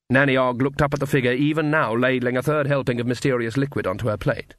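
Male audiobook narrator, even and wry, dry close read. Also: medium pitch, fast talker, hardly any pauses, dry recording.

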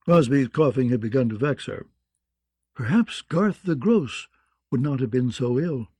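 Dark-voiced male audiobook narrator. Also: medium pitch, breathy edge, dry recording, studio quality. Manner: even, measured storytelling. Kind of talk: scripted narration.

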